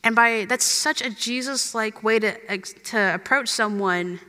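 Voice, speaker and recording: A woman's voice: a little high, a little slow, bright, forceful tone, smooth. A young woman giving a chatty, earnest sermon as a youth minister, full of "like" and "you know". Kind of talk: conversational sermon. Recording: long hall reverb.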